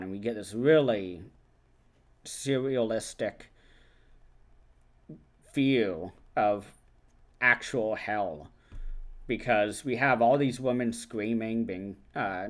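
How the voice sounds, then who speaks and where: A man hosting a film review channel, retelling a movie's plot in a loose, chatty way with many fillers and quick acted-out lines. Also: lowish voice. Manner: acts out characters' lines in quick asides. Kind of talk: casual film recap and review.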